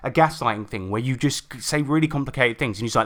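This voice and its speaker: A man's voice: mid-range voice, fast talker, few pauses, a bit bright. A man hosting a casual commentary show, talking indignantly with frequent restarts and asides. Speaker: commentary host.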